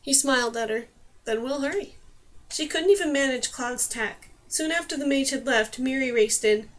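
High-voiced woman reading a fantasy novel. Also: moderate pace, fairly bright tone. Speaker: audiobook narrator. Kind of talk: scripted narration.

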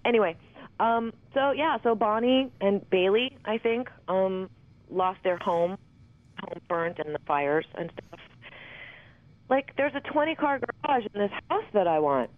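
A woman's voice: medium pitch, lively intonation, measured pace. A woman in her fifties talks as an interview guest in loose, candid chat. She rambles from thought to thought and swears freely. Her voice comes through a thin, tinny phone line.

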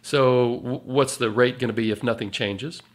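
A man, a financial advisor on a podcast, chatting in a relaxed way with chuckles and then explaining retirement planning. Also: mid-range voice, normal speed. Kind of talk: casual podcast chat.

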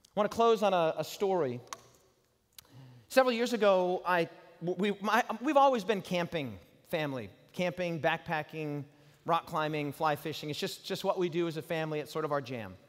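A man in his forties preaching a sermon and telling a personal story, swinging from loud bursts to hushed tones. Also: on the high side, lively intonation, normal speed. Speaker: pastor. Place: large hall. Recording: hall reverb from live sermon.

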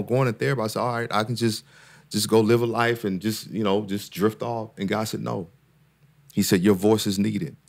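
A man with a very low voice and a gravelly, creaky edge talks as a podcast guest. His delivery is earnest and preacher-like, building up when he drives a point home. He often repeats himself and restarts his sentences mid-thought. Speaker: therapist and guest speaker. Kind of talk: casual podcast conversation.

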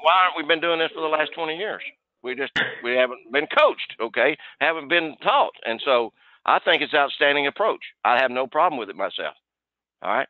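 A man's voice: on the high side, lively intonation, fairly quick, no echo. A man coaching salespeople on a video call in a folksy way, often repeating "okay". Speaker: sales trainer. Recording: dry, tinny phone-like line.

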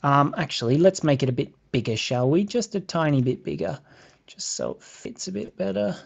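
A British man with a slightly high, animated voice, creaky with a breathy edge, hosts a live beading tutorial at normal speed. He chats casually with viewers and counts beads aloud as he works. The lo-fi recording sounds a bit dull.

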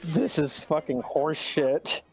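A man playing a fighting game with a friend, swearing a lot and yelling in frustration. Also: on the high side, fairly even intonation, unhurried, husky. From Latino. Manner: swears constantly, yells in frustration. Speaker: gaming YouTuber. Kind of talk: casual gameplay banter.

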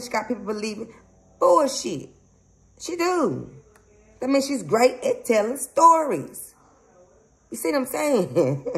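This psychic medium speaks to viewers in a mid-range, fairly bright voice over poor audio. Casual and rambling yet emphatic, her spiritual vlog is peppered with laughs and "y'all."

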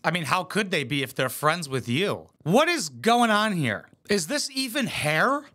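A man's voice: high-pitched, big pitch swings, unhurried, sharp tone. A man hosting a reaction video, giving blunt, mocking commentary full of swearing. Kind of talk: profane sarcastic commentary.

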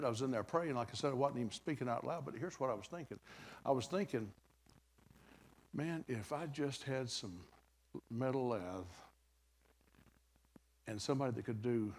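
A man's voice: mid-range voice, slightly rough. An older man preaching a revival sermon, telling a folksy story in a conversational way with dramatic bursts.

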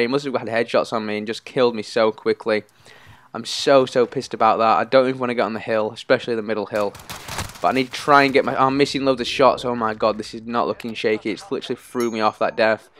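Excitable gamer narrating live play. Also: male voice, medium pitch, slight background noise. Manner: excitable, anxious, pleading under pressure. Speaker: gaming YouTuber. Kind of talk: live gameplay commentary.

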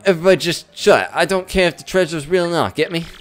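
A man voicing a gruff, menacing male tree-creature mob boss with a put-on mobster accent, reading game dialogue in character. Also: on the high side, quick pace, faint music behind, natural voice. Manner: tough-guy gangster slang, threatening.

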